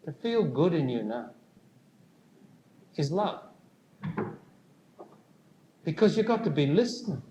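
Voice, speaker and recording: A man giving a spiritual talk to a live audience, speaking slowly and deliberately and putting questions to the listeners. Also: a little high, big pitch swings, highs cut off. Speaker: spiritual teacher. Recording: echoey room with faint noise.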